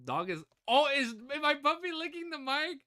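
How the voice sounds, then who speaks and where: A man hosting a livestream reaction, chatting excitedly with viewers and his puppy. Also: very high voice, moderate pace. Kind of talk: casual livestream reaction chat.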